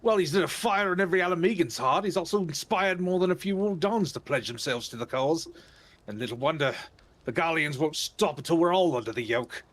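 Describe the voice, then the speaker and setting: A man's voice: fairly high pitch, animated, fairly quick, fairly bright tone, voice pushed up. A man reading aloud the lines of a wry male rebel veteran in a video game, in a casual read-aloud manner. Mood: knowing.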